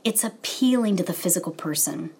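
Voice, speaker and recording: A woman teaching a Bible lesson in a measured, explanatory way, carefully spelling out Hebrew terms. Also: on the low side, expressive, creaky, a little mellow, slightly rough.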